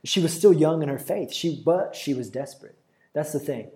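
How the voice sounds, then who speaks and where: A man's voice: on the high side, expressive, moderate pace, warm tone. A young man preaching a sermon in an earnest, conversational way, often restarting his sentences.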